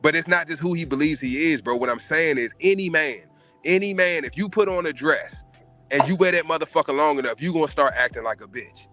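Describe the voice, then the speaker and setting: A man's voice: on the high side, a little fast, bright, forceful tone, faint music behind. A man hosting a casual podcast, giving emphatic, profane opinions. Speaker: podcast host.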